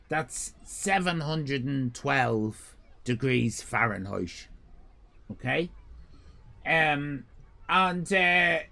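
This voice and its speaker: A man's voice: fairly high pitch, creaky, pushed and bright. A man telling a rambling, profane comic story on a livestream, full of fillers and restarts. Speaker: streamer.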